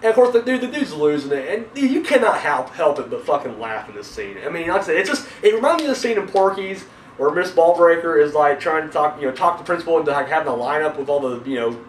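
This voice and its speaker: A young man reviewing horror movies in a rambling, excitable, profane way, swearing constantly. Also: fairly high pitch, fast, a little hiss or hum. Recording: echoey room, mic at a distance.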